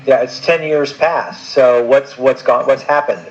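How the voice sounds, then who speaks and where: A man's voice: medium pitch, fairly even intonation, measured pace. A man co-hosting a podcast in casual chat, enthusiastic and stumbling over restarts. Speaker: podcast co-host. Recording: dull lo-fi sound.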